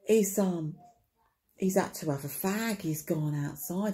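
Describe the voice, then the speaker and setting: Speaking slowly over slight background noise, this woman vlogger rambles through a wry comic tale aimed straight at the camera. Her voice is low, dark and gravelly; she swears offhandedly, keeps checking in with little tag questions and repeats her punchlines in a chatty way.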